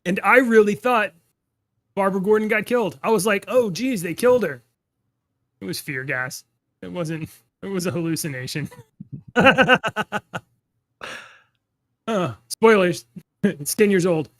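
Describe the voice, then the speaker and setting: High-voiced man telling rambling stories. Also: measured pace, pauses often, no echo. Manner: rambling, animated storytelling with laughs. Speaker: podcast co-host. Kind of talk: casual chat.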